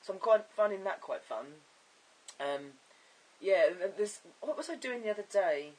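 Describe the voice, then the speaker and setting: A man chatting in a casual video diary, his voice deepening and cracking, rambling and giggling as he talks. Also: lively intonation, normal speed, recorded from a distance, poor audio. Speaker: vlogger.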